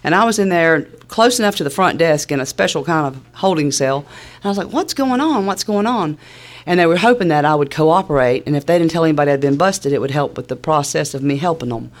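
A woman's voice: low voice, fast, hardly any pauses. Wry Southern woman telling stories. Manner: wry, laid-back, humorous storyteller. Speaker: speaker sharing a recovery story. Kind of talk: casual personal storytelling.

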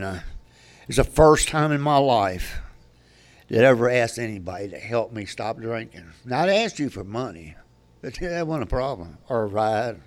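At a recovery meeting, an older man with a medium-pitched voice shares his personal story candidly, rambling and frequently restarting his sentences.

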